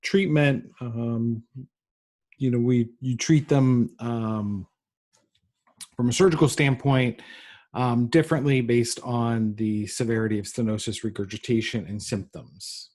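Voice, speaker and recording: A man's voice: medium pitch, steady tone, darkish tone. Guy giving a medical lecture, lots of ums and uhs, stop-start delivery. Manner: halting, frequent ums and uhs.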